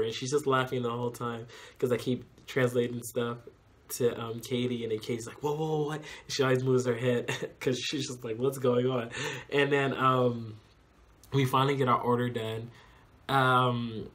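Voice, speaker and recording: A man's voice: mid-range voice, a bit bright. Chatty young man telling a story. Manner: rambling, heavy use of "like" and "um". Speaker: vlogger. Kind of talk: casual storytelling vlog. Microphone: phone.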